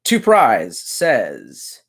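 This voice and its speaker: A man's voice: mid-range voice, wildly swooping pitch, very slow. Male streamer in his room, reading chat, loose and rambling, swears freely. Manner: rambling and profane, often muttering asides. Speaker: livestreamer reading chat comments. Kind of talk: casual livestream chat. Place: his messy room at home.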